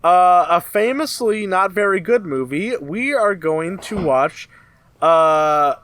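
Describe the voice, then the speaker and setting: A man's voice: sits high, expressive, unhurried, a bit bright, slight background noise. A man co-hosting a casual podcast, announcing plans in a loose, laughing way. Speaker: podcast co-host. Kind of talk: casual chat.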